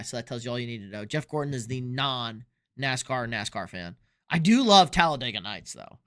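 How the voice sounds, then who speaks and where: Young guy, sports streamer, sharp high voice, loose and profane, a few beers in. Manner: loose, profane, reads chat questions aloud. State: drinking beer. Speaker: sports streamer answering chat. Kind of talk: casual live-stream chat.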